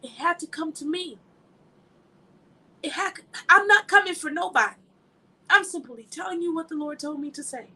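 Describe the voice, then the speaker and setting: A woman's voice: extremely high pitch, moderate pace, pauses often, pushed and bright, poor audio. A woman giving an informal sermon, emphatic and conversational, telling personal stories and laughing along the way. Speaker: ministry speaker.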